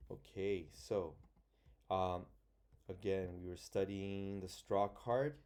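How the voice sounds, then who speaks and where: Patient man teaching phonics slowly. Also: low voice, steady tone, dark tone. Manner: slow, patient, sounds words out letter by letter. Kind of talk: online phonics lesson for young children.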